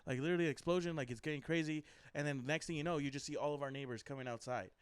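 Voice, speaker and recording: A young man co-hosting a casual podcast, telling a story quickly with lots of "like" and laughter. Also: fairly high pitch, clean tone, dry recording. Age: young adult. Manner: fast, laughing storyteller full of "like" and "I was like". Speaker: podcast co-host.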